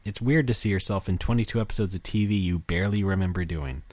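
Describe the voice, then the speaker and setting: A man's voice: low-pitched, quick pace, darkish tone, no room sound. A man co-hosting a podcast in casual chat, wry and profane, laughing often as he tells stories. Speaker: podcast co-host.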